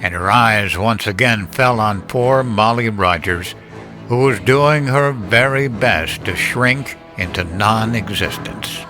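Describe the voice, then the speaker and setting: A man giving scripted horror story narration in a measured, deliberate storytelling manner. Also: fairly low pitch. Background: music.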